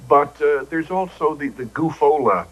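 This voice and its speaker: Older male raconteur, husky voice, dry jokes, old broadcast sound. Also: on the high side, expressive, moderate pace, dull audio. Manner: wry, joking raconteur acting out quoted voices. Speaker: talk show guest. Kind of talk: anecdotal talk show storytelling.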